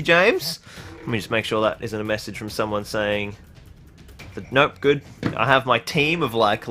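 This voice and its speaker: A man's voice: medium pitch, sharp tone. A young man from Australia hosting a casual livestream, reading out chat with lots of fillers and laughter. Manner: rambling, laughs often, many fillers.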